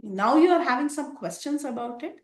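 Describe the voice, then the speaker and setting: A woman's voice: high-pitched, expressive, a little fast, slight background noise. A woman voicing an indignant young queen. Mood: reproachful. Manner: bold questioning. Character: proud indignant young queen defending herself. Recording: roomy echo.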